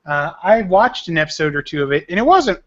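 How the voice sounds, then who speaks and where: A man's voice: high-pitched, big pitch swings, a little fast. Laughing, joking man on a lo-fi podcast. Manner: laughs often, crude jokes. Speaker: podcast co-host. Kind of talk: casual podcast banter. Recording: dull lo-fi podcast audio.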